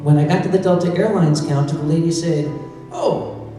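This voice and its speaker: A man from North Carolina telling a comic story live, animated and full of asides and sound effects. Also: a little high, fast talker, distant mic, soft background music. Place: large convention hall. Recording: echoey hall recorded from afar.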